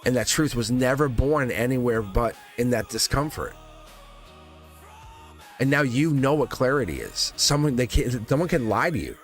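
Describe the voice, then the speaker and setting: A man's voice: medium pitch, expressive, normal speed, faint music behind. Chuckling man reading tarot live. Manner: rambling, repeats phrases, chuckles often. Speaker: tarot reader livestream host. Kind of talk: live tarot reading, casual spiritual talk.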